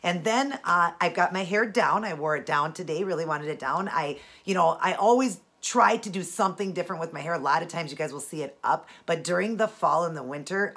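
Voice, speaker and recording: Low husky woman, chatty and rambling. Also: fairly bright tone. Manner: chatty, rambling with frequent asides. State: stuffy nose from allergies. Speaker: fashion and beauty vlogger. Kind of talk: casual outfit walkthrough. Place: indoors at home.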